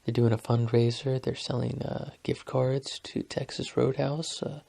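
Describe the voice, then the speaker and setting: A man imitating a low-voiced male coworker who hesitantly pitches a school fundraiser. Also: flat delivery, a little slow, gravelly. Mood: coaxing. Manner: soft, hesitant, full of "uh". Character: low-voiced dad coworker selling gift cards.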